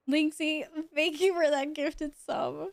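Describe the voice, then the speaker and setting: A woman livestreamer chatting casually with her viewers; she is excitable, laughs often and swears when amazed. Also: high-pitched, vocal fry, dry recording. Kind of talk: casual stream chat with viewers.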